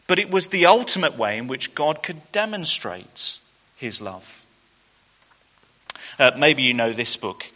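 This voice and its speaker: A man's voice: on the high side, sharp tone. A man preaching a sermon to students, earnest and full of rhetorical questions. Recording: long hall reverb.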